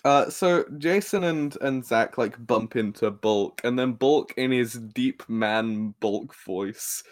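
Young guy cohosting a podcast, laughs a lot, swears, mid-pitched voice. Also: takes it slowly. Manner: laughing, swearing, animated retelling. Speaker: podcast co-host. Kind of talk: casual chat recapping a show.

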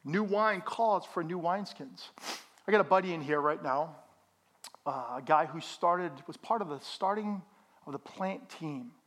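A middle-aged man preaching a sermon as a pastor in a church, animated and joking with the congregation. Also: a little high, a little slow.

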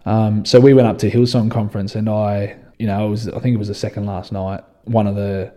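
A young Australian man with a fairly low, warm and mellow voice tells his own story as a guest in an interview. He sounds relaxed and conversational and keeps circling back with "you know.". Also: brisk. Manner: relaxed and conversational, often says "you know" and restarts phrases. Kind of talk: reflective personal storytelling.

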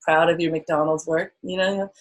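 A woman's voice: low voice, steady tone, moderate pace, rough recording. A woman chatting casually and answering questions, playful and teasing, rambling with lots of fillers. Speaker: podcast co-host answering questions. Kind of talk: casual chat.

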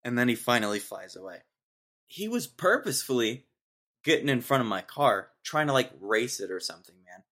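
A man's voice: mid-range voice, very animated, moderate pace, fairly bright tone. Young male podcast host, casual rambling solo talk, easygoing. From Texas. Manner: rambling, laid-back, says dude a lot.

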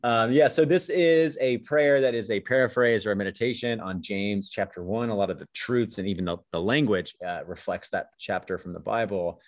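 A man's voice: fairly low pitch, moderate pace, hardly any pauses, no room sound. A man co-hosting a podcast, chatting casually in a rambling way with lots of fillers, then reflecting on a prayer. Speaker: podcast co-host.

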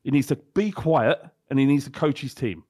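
A man's voice: medium pitch, expressive, moderate pace, darkish tone, no room sound, studio quality. A man co-hosting a football podcast, ranting bluntly and heatedly with plenty of swearing. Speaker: podcast co-host. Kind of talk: casual chat.

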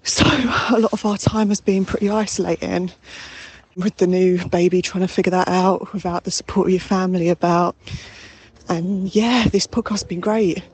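A woman's voice: fairly low pitch, fairly even intonation, moderate pace, husky. A woman with a London accent leaving a chatty, rambling phone voice note outdoors in a park. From England. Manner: chatty, warm, sweary, rambling.

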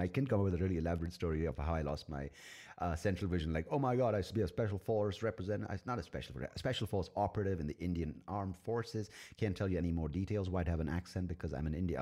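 A man's voice: sits low, warm tone. A man hosting a solo podcast, ranting in a profane, sarcastic and opinionated way. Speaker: podcast host.

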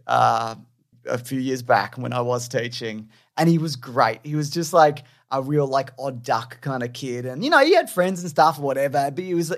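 A man co-hosting a podcast, a former teacher telling stories in a rambling, casual way full of fillers and swearing. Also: fairly high pitch. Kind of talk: casual chat.

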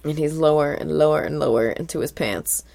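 A woman co-hosting a podcast, telling a cartoon's story with lively recaps and casual swearing. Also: low voice, a little fast, creaky. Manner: animated storytelling, swears freely. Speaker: podcast co-host.

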